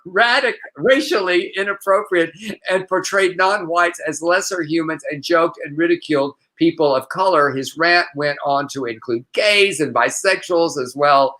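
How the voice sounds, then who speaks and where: A man co-hosting a live news chat show, talking in an animated way and laughing easily. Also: on the high side, normal speed. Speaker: co-host.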